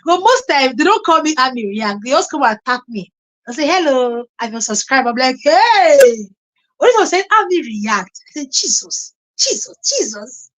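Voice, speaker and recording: Nigerian woman, young, high-pitched, casual vlog host with lively storytelling. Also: moderate pace, rough recording. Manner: animated, laughing storyteller with pidgin exclamations. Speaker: YouTube reaction channel host. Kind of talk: casual live-stream vlog talk.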